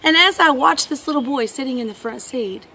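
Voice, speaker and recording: Woman, vlogger, casual storytelling, earnest, reflective, bright voice, a bit high. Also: a little fast, gravelly, slightly rough.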